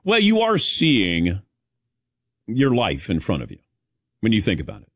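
A man's voice: fairly low pitch, measured pace, slightly rough, no room sound, clean studio sound. A man hosting a casual radio talk show, calling on his co-hosts and acting out quoted voices. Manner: animated, acts out quoted voices. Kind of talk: casual studio chat.

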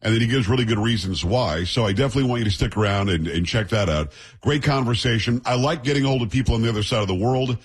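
A man's voice: medium pitch, fast, few pauses, slightly rough. A middle-aged man hosting a radio talk show, chatting and joking casually with his sidekick. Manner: chatty, jokey banter with sidekick.

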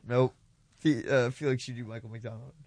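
A man chatting casually with friends, his voice at an ordinary middle pitch. He talks eagerly, tossing out one request after another and laughing easily. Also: fairly even intonation, normal speed, darkish tone. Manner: eager, repeats prompts, laughs often. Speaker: friend calling out impressions. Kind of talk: casual chat among friends.

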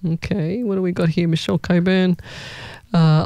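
A woman chats her way through a live reading session as a psychic medium, wandering off on tangents and laughing easily. Her voice is smooth and resonant. It is recorded close and dry, with no room sound. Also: fairly low pitch, steady tone, normal speed, warm tone, dry recording. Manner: chatty, rambling, laughs often. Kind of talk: casual live reading chat.

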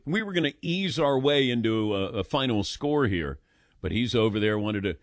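A man's voice: mid-range voice, expressive, moderate pace, no room sound, studio quality. An older man hosting a call-in radio show, chatty and self-deprecating as he tells stories. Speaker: radio host. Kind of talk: casual call-in radio chat.

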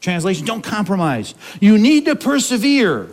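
High-voiced male preacher asking questions. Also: sing-song, normal speed. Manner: conversational preaching with frequent rhetorical questions. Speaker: pastor. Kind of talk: sermon.

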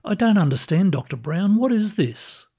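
A man voicing a gentle older woman, a retired cleaner, who speaks softly and sounds bewildered. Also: high voice, sing-song, normal speed, husky, voice pushed up, heavily acted. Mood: wondering. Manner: soft, wondering, bewildered.

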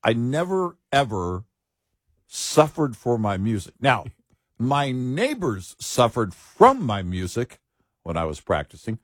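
A man's voice: mid-range voice, huge pitch swings, takes it slowly, breathy edge, no echo, studio quality. A man co-hosting a casual talk show, wry and fussy about getting small details right. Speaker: co-host.

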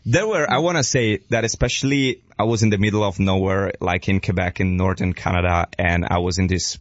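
A man's voice: sits low, a little fast, dry recording, lo-fi sound. A man from Italy with an Italian accent, a guest chatting on radio who laughs often. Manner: laughs often, playful and warm. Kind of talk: casual radio chat.

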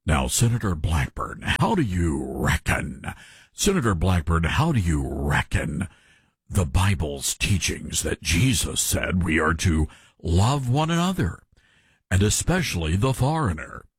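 A man mimicking a male news anchor in a low, slow, drawling mock voice. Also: very animated, husky, no echo, clean studio sound, full character voice. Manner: exaggerated low drawling put-on voice.

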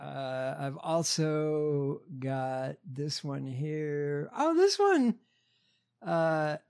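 A man's voice: fairly high pitch, big pitch swings, extremely slow, vocal fry, a little mellow, smooth. A man hosting a casual podcast, reading news headlines with hesitant fillers.

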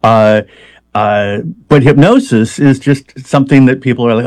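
A man's voice: mid-range voice, moderate pace, darkish tone, dry recording. Hesitant, explaining man, dry close sound. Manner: hesitant, many fillers and restarts, explanatory. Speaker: hypnotist, interview guest. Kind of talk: conversational interview.

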